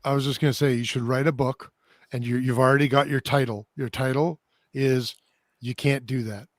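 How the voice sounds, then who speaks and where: A male podcast host with a mid-pitched voice asks his questions haltingly, full of fillers. The sound is dry and close, with no room echo. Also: fairly even intonation. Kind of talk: casual panel chat.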